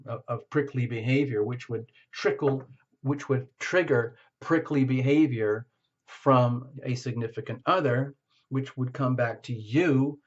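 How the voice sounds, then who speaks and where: A man doing a tarot reading, talking frankly and searching aloud for the right words. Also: mid-range voice. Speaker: tarot reader. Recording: slightly muffled lo-fi recording.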